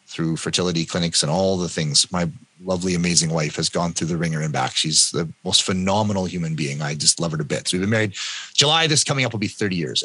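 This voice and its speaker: A Canadian man in his fifties, a podcast guest telling his own story in a lively way and acting out what other people said. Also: lowish voice, no echo. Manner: animated, acts out other people's lines. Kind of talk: personal storytelling in an interview.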